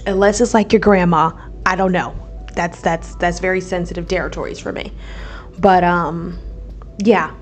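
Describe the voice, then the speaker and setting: A Midwestern woman in her twenties hosts a casual solo podcast vlog, speaking at normal speed in a lowish voice with fairly even intonation. She's chatty and blunt, swears freely, and keeps checking in with "okay?".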